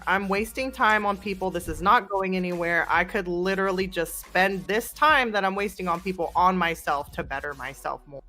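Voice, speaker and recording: A woman co-hosting a casual chat, calmly explaining her view in long run-on sentences. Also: lowish voice, normal speed, hardly any pauses, soft background music.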